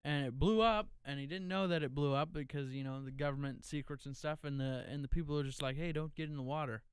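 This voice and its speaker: Man, very smooth clear voice, slightly raised pitch, halting, casual chat. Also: fairly even intonation, no room sound. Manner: halting, searching for words.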